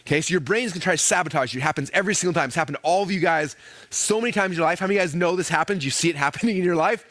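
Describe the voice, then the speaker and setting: A man presenting a live online training session, energetic and constantly checking in with his audience, often acting out inner voices. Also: a little high, racing, no room sound. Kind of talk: live sales-training talk.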